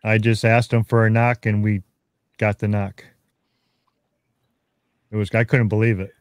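Mid-pitched man in a dry recording. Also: level tone, a little slow, smooth, no room sound. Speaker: guest researcher. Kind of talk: casual interview chat.

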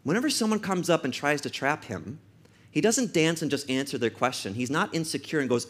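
A man's voice: a little high, lively intonation, fairly bright tone. Emphatic male pastor preaching. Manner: emphatic, with slowed-down stressed phrases and repetition for effect; storytelling asides in a quick conversational tone. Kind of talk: sermon.

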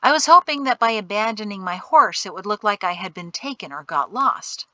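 A woman reading aloud voices a calm, knowledgeable male guide who explains things steadily. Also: high-pitched, brisk, no echo, exaggerated voice, poor audio.

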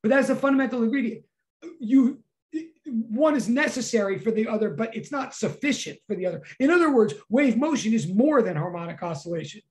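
A physics professor giving an energetic classroom lecture, emphatic and excitable, peppering speech with "like" and breaking into loud bursts. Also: medium pitch, a little fast.

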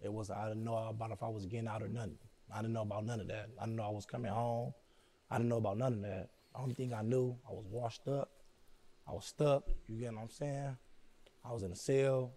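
Man, middle-aged, gravelly low-toned voice, subdued interview storyteller. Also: steady tone, warm tone. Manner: slow and subdued, repeats "you know what I'm saying". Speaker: interview guest.

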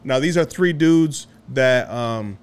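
A man's voice: mid-range voice, animated, slow pace, smooth. A man, co-hosting a podcast, telling stories in a laid-back, casual way and laughing often. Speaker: podcast co-host. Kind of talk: casual chat.

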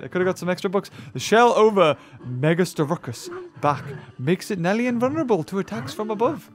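A man hosting a let's-play, rambling excitably as he thinks aloud and corrects himself. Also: high voice, fairly quick, hardly any pauses. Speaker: gaming channel host. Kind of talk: let's-play game commentary.

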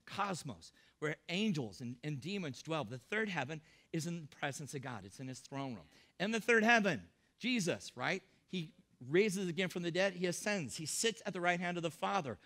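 Male pastor with a high, bright voice, preaching conversationally with jokes. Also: animated. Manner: humorous, conversational preaching, acts out Bible characters in quick voices. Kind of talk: sermon. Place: church.

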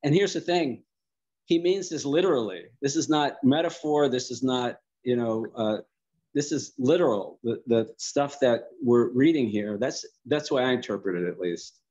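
A man's voice: mid-range voice, a little mellow. Older man musing over a lo-fi video call. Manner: thoughtful, halting, many restarts. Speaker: study group participant. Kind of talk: reflective group discussion.

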